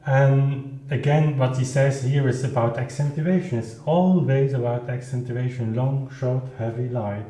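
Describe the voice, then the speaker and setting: A man who is not a native English speaker, explaining his playing in an informal music lesson, halting and searching for words with many restarts. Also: mid-range voice, mellow, roomy sound. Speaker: keyboard performer explaining his recording.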